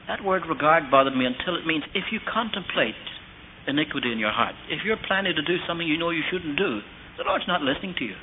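A man's voice: fairly high pitch, lively intonation, brisk, long pauses. A middle-aged male preacher delivers an earnest sermon, weaving in family stories and asking his listeners questions. The sound is thin and phone-like, as from an old tape, with a faint hiss underneath.

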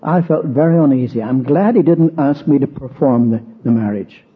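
Through the thin, narrow-band sound of an old recording, a man with a medium-pitched, husky voice preaches expressively at a moderate pace. His expository sermon steps through verses, stressing repeated words, and ends up in a personal story.

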